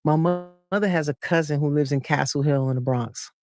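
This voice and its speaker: A woman from New Jersey, a guest telling a lively personal story in casual chat, acting out other people's voices and laughing often. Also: low voice, moderate pace, soft background music.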